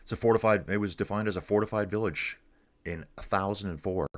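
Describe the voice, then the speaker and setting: A man's voice: lowish voice, fairly quick. A man from Canada hosting a casual live cycling stream, reading viewer comments aloud and chatting in a laid-back way, calling everyone dude.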